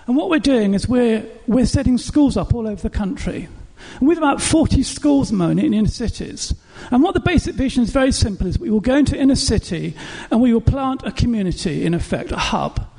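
A man's voice: very high voice, expressive, fairly quick, creaky, hardly any pauses, dark tone, in a large hall. A man preaching a sermon, telling stories emphatically. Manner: emphatic storytelling.

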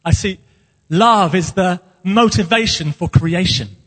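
A man preaching with earnest passion, his voice set high and edged with a husky breathiness. He delivers it as a pastor's sermon, in a church hall where every phrase carries a long, ringing reverb. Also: measured pace, fairly bright tone.

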